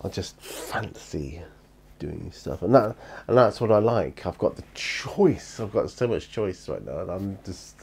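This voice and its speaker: Tired, deep-voiced British man rambling. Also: animated, measured pace, creaky, darkish tone, slightly rough. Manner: rambling, chatty, with many fillers and restarts. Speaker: hobby vlogger. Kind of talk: casual chat. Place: hobby room at home.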